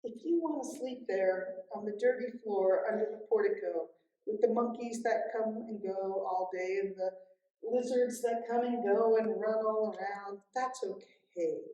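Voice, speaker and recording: Calm gracious secretary lady, as a woman storyteller puts her on, soft and welcoming, roomy echo around her. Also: medium pitch, lo-fi sound, lightly acted.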